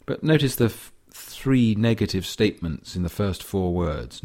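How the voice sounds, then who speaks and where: A man with a very low voice lectures on a poem and reads its lines aloud. His pace is unhurried and thoughtful, and he adds scholarly asides. He sounds middle-aged. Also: lively intonation, darkish tone. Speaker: literature lecturer. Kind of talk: explaining and reading poetry aloud.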